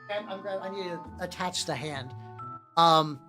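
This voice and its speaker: Woman streamer with a fairly low voice, rambling and opinionated while painting, faint music underneath. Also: normal speed, a bit bright. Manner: rambling, filler-heavy, greets chat viewers; blunt and opinionated, casual swearing. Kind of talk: casual chat while painting. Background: faint background music.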